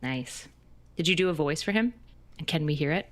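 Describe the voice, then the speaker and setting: A woman co-hosting a call-in dating show, bantering with deadpan teasing. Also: low voice, normal speed. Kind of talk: casual streaming chat.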